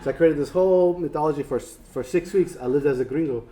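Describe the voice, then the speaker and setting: A man's voice: on the high side, fast talker, warm tone. Rambling man giving an art talk. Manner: rambling, self-deprecating, lots of fillers and restarts. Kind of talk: casual lecture.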